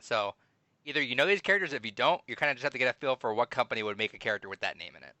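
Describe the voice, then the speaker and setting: Quiz host, male, bright dry tone, teasing and jokey. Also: medium pitch, lively intonation, very fast, dry recording. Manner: teasing, laughs often. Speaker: podcast host running a trivia quiz. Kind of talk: casual gaming podcast banter.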